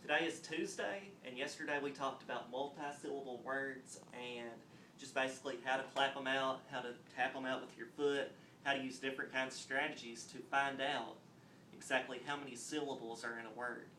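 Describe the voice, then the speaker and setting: A man teaching a phonics lesson on video, explaining step by step and clapping out words slowly. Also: mid-range voice, fairly even intonation, pushed and bright, a little hiss or hum. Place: classroom. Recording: roomy echo, mic at a distance, faint ambience.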